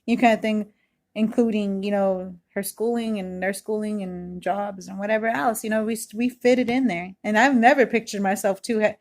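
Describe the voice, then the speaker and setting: In a self-made video shot close up in her kitchen, a woman in her thirties offers a heartfelt, wandering personal testimony, often saying "you know" and "like." Her mid-range voice is a little mellow, with fairly even intonation and a moderate pace.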